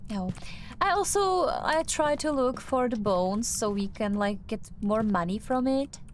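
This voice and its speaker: A young woman with a non-native English accent talks her way through a game, slow and unhurried, a little high in her register. She trails off often, restarting sentences and leaning on fillers as she searches for the English words. A faint hiss of background noise sits under her voice. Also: animated. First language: not English. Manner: hesitant, many fillers and restarts. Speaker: streamer. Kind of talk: casual gameplay commentary.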